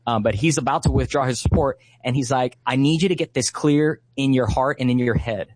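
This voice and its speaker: A man in his thirties, a ministry leader, telling a heartfelt story in conversation, often pausing with "uh" and "you know". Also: medium pitch, a little mellow, no room sound.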